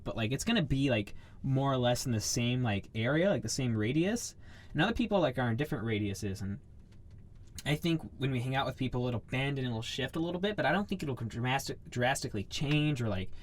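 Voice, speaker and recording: A speaker in a casual chat, rambling and searching for words, leaning heavily on "like". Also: mid-range voice.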